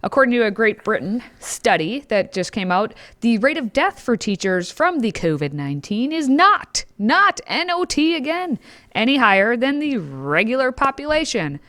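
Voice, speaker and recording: A woman's voice: on the high side, very animated, moderate pace, hardly any pauses, fairly bright tone. A woman co-hosting a political talk show, reading news with sarcastic asides and playful sound effects. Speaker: co-host.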